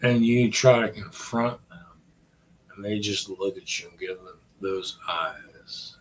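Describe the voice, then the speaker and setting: A man's voice: lowish voice, takes it slowly, slight background noise. A man in his forties rambling in a casual, profane chat and talking to his dog. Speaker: vlogger.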